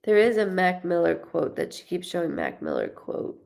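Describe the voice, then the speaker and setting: A woman's voice: fairly low pitch, normal speed, creaky. A young woman giving a live reading as a medium, chatting casually and laughing often as she passes on what she hears. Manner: chatty, animated, laughs often, quotes the spirit in a lively voice.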